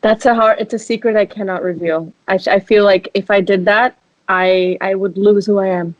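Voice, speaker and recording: A woman with an American accent chats as a singer on a radio show. She tells stories with energy and laughs often. Her mid-pitched voice sounds close and dry. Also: moderate pace, no echo, dull audio. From raised in the United States. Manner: laughs often, animated storytelling. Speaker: singer and guest. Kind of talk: casual interview chat.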